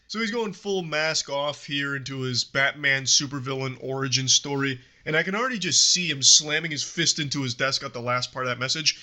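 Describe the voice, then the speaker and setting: A man's voice: mid-range voice, brisk, hardly any pauses, sharp tone. A man narrating a commentary video in a dramatic, wry, hyperbolic manner. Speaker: commentary YouTuber.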